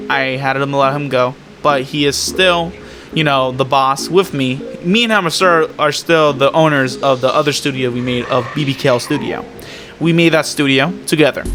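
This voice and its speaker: A man talking casually about his animation projects, rambling with plenty of fillers and restarts. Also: fairly high pitch. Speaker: animation creator and vlogger. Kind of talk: casual vlog talk.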